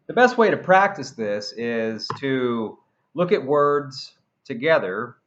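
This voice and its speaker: Man teaching pronunciation slowly. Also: mid-range voice, fairly bright tone, highs cut off. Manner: slow, careful modeling of words for repetition; playful asides. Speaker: English teacher. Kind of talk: pronunciation lesson to camera.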